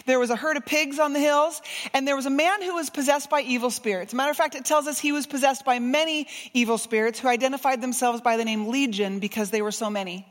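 A woman preacher delivering a sermon, expressive, moving between soft, gentle passages and emphatic ones. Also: sits high, fast, long reverb tail.

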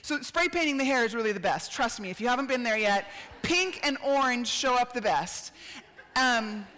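Animated, bright-voiced woman preacher. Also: a little high, normal speed, big-room sound. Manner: animated, acts out quotes, laughs and shouts. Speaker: speaker at a church gathering. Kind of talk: storytelling sermon.

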